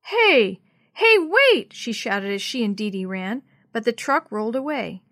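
A woman reading a chapter book aloud to children in an expressive storytelling voice. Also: medium pitch, normal speed, no echo, studio quality.

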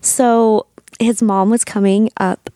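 A woman in her thirties telling a personal story on her podcast, chatty and animated, with lots of "like" fillers. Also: mid-range voice, slow pace, clear, resonant tone, no echo, clean studio sound. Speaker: podcast host, doula.

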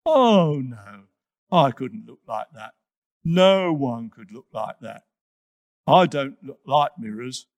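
A man voicing a vain, touchy male hippopotamus in a children's story, speaking slowly and indignantly. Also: mid-range voice, animated, dry recording. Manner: sulky, indignant, slow and emphatic.

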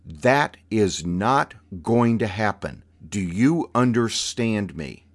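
A man's voice: fairly low pitch, lively intonation, exaggerated voice. A man putting on a genteel Southern aunt. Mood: stern, commanding. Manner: syrupy and coaxing, turning to firm, slow, stern commands. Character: elegant genteel Southern aunt, sweet but steely, woman.

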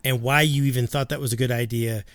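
A man co-hosting a casual podcast, talking at a middling pitch. He sounds earnest and a little halting, with lots of quick agreeing interjections. The sound is dry and close-miked. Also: steady tone, dry recording. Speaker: co-host. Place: home studio in a basement closet.

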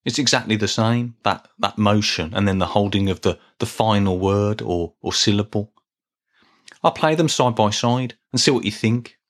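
On his solo podcast, a middle-aged man speaks at normal speed in a lowish voice. He rambles in a friendly, self-mocking way, now and then restarting a phrase.

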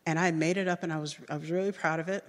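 Woman telling a personal story, hall reverb. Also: racing. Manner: animated, acts out remembered voices with big jumps in pitch. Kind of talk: personal storytelling before an audience.

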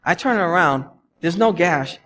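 A man in his thirties, a pastor giving a conversational sermon, telling stories with lively, animated asides. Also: high voice, measured pace. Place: church sanctuary. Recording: long church reverb, faint background noise.

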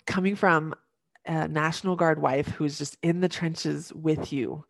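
This is a dry, clean studio recording of a young woman whose deep, gravelly voice stays fairly even and unhurried. As a podcast guest, she earnestly walks listeners through practical advice, playing out the lines they could say, in a warm, encouraging way.

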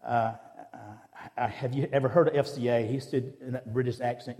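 A man's voice: mid-range voice, fairly even intonation, a little fast, mellow, big-room sound. A man giving a sermon in a conversational, storytelling way, acting out the dialogue of his anecdotes. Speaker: preacher. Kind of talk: sermon with personal stories. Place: church.

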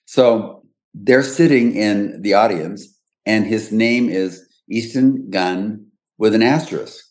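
A man's voice: on the low side, slow pace, darkish tone. An older man hosting a podcast, telling stories in a chatty way and laughing often. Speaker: podcast host. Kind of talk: casual chat.

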